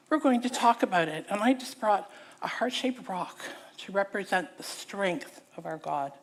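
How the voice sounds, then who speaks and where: A woman preaching in a church with a fairly high, very lively voice that swoops up and down. She acts out her story theatrically and asks the congregation questions directly. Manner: animated, theatrical, engaging the audience. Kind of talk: sermon with acted-out storytelling.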